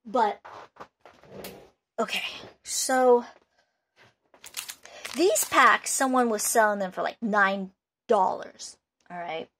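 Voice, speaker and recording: A woman's voice: mid-range voice, slow, long pauses, a bit bright, slight background noise. A woman collector giving unscripted advice in a vlog, rambling and emphatic, with many restarts. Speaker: card collector and video maker.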